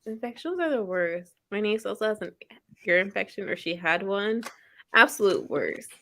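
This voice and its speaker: A woman's voice: mid-range voice, animated, moderate pace, bright, forceful tone. A woman hosting a casual reading-sprint stream from home, chatting in a rambling way and laughing often. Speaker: livestream host.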